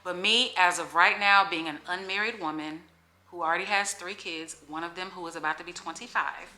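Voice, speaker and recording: Bright chatty woman vlogger in an echoey room. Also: on the low side, brisk, a little hiss or hum. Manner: candid, chatty, emotional, says "y'all". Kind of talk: casual Q&A chat to camera. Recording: echoey room with faint music.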